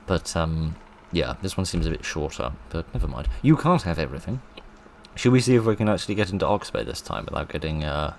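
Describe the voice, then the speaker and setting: A man giving let's play commentary, excitable and self-mocking, reading game lines aloud in put-on voices. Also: rumbling low, vocal fry, a little hiss or hum. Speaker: gaming video host.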